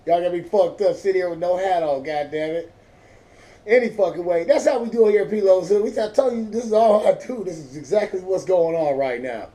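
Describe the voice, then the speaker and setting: A man's voice: high-pitched, a little fast, mellow. A man hosting his own vlog, telling a rambling, profane story in a laid-back way. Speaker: vlog host.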